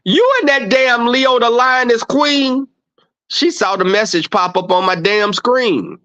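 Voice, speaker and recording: A man's voice: very high voice, a little slow. A man hosting a livestream, chatting casually and profanely with viewers and acting out quoted exchanges. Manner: profane, animated storytelling. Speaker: livestream host. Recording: dull lo-fi stream audio.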